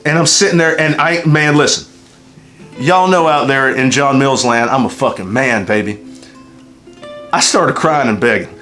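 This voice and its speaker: A man with a Southern US drawl tells a game story in a loose, rambling way and swears all the time. He talks emotionally, with a voice of middling pitch. Faint music runs under him. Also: normal speed, bright, forceful tone. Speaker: channel host reviewing a game. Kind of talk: casual unscripted review chat, heavy profanity.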